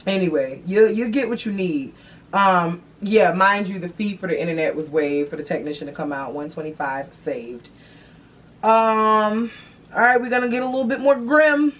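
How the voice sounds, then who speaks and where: A young adult woman hosting a vlog, talking in an animated, profane, slangy way. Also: medium pitch, moderate pace. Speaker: vlog host. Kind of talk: casual chat to camera. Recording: distant mic, faint background noise.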